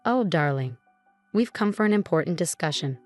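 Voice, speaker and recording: A woman's voice: on the low side, expressive, moderate pace, no room sound, soft background music, close to an everyday voice. A woman voicing a pushy, scheming older mother-in-law who talks in a sweetly insistent, dismissive way. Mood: coaxing.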